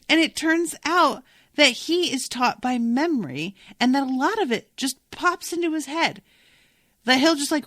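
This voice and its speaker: A woman's voice: high-pitched, a bit bright, no echo, clean studio sound. A young adult woman hosting a casual book-discussion podcast, talking in a chatty way and swearing freely. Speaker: podcast host.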